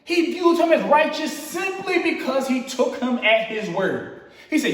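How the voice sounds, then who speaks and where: High-voiced preacher in an echoey hall. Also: male voice, normal speed, recorded from a distance. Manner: relaxed, slangy, acts out quotes with rising emphasis. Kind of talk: casual conversational sermon. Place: church hall.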